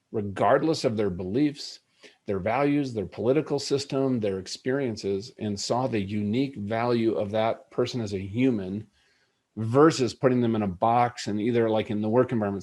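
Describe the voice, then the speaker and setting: A man's voice: lowish voice, a little mellow. A middle-aged man and leadership coach, a guest telling a personal story in an earnest, reflective way. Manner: earnest, reflective, with many fillers. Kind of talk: conversational storytelling interview.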